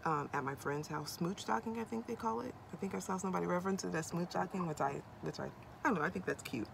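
Bubbly, gravelly-voiced woman vlogger. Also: lowish voice, fast, background noise. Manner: bubbly, corny, rambling with many ums. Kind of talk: casual vlog chat to camera. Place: inside a cargo van.

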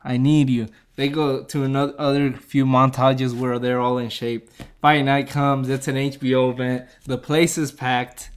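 Mid-pitched guy recapping a film plot, loose and rambling. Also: level tone, normal speed, clear, resonant tone. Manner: rambling, lots of fillers, laughs at own jokes. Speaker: movie reviewer. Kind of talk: casual movie plot recap.

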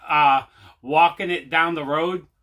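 A man's voice: on the high side, steady tone, takes it slowly, muffled recording. A man hosting his own home video, telling a long casual story with lots of fillers and repeats. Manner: rambling, repeats himself, many fillers. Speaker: host.

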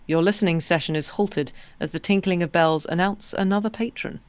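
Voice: mid-range voice, fairly quick, clean tone, dry recording. A co-host reading the narration of a story game aloud, with dry, teasing asides.

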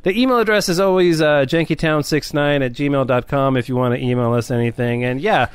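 A man hosting a casual podcast, laid-back and laughing often, with many pauses and fillers. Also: medium pitch, clear, resonant tone, no room sound. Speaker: podcast host.

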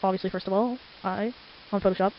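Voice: mid-range voice, fairly even intonation, fast talker. A teenager with a stuffy, congested nose, chatting and rambling casually while drawing at home late at night. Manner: chatty, rambling, easily sidetracked. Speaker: amateur artist. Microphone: desktop microphone. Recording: lo-fi with faint hiss.

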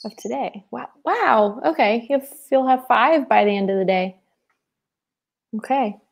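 A woman's voice: fairly high pitch, measured pace, gravelly. A woman in her twenties from Seattle co-hosting a casual live webinar, chatty and giggly, trailing off with fillers. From Seattle, USA. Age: 20s. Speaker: webinar co-host.

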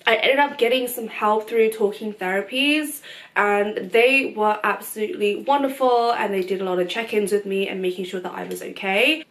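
A woman's voice: mid-range voice, moderate pace. A young woman vlogging a casual life update to her viewers, chatty and open, with many fillers and frequent laughs. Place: at home.

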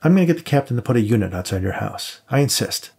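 A man's voice: medium pitch, big pitch swings, fast talker, vocal fry, a little mellow, slightly rough, heavily acted. A man voicing an agitated male police detective who insists on protecting his partner. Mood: insistent. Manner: insistent, pressing.

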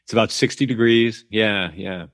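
A man hosting an interview podcast, introducing his guest and asking curious, measured questions. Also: lowish voice, a bit bright. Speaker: podcast host.

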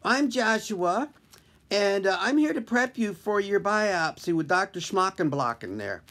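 A man's voice: high-pitched, lively intonation, unhurried, fairly bright tone, pitched above the performer's own voice. A man voicing an eager, breezy young male intern doctor in a comic story. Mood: chipper.

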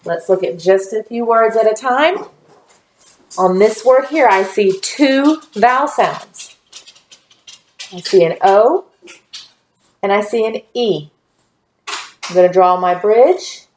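A woman teaching a phonics lesson to young children, patient and encouraging, drawing out each word slowly. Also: mid-range voice, darkish tone, echoey room.

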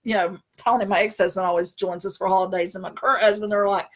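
A middle-aged spiritual consultant chats casually on a live stream in a mid-range voice, talking quickly with few pauses. She's a chatty storyteller who laughs often and slips into animated impressions and funny voices.

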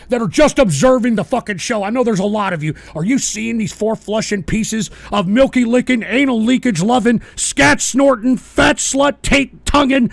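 A man hosting a live stream, yelling and swearing at his audience in an angry political rant on a close mic. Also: very high voice, moderate pace, vocal fry, hardly any pauses, no room sound. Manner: shouting, swearing, berating his chat. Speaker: host of a live call-in stream show.

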